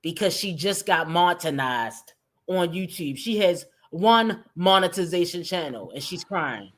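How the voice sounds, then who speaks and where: A woman's voice: fairly low pitch, animated, measured pace. Sarcastic woman doing reaction commentary. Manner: sarcastic, mocking, talks to viewers. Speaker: streamer host.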